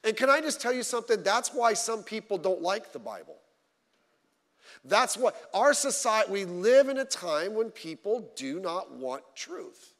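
A male pastor preaching a sermon, swinging between loud emphatic lines and low quiet asides, telling stories with humor. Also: big-room sound. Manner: informal storytelling with humor. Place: church.

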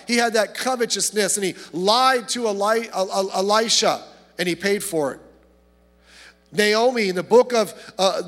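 High-voiced preaching man in a reverberant hall. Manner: impassioned preaching, swings from loud to hushed, frequent repetitions. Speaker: pastor. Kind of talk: sermon.

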